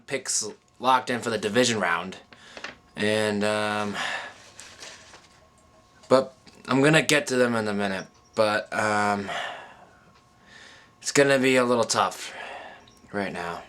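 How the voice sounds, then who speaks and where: A man with a bright, forceful tone talks straight to his viewers about the playoffs. He halts often, restarting his sentences and filling gaps with ums. He sounds close to tears. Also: fairly low pitch. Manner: halting, many ums and restarts, choked up. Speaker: sports vlogger. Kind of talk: casual emotional monologue.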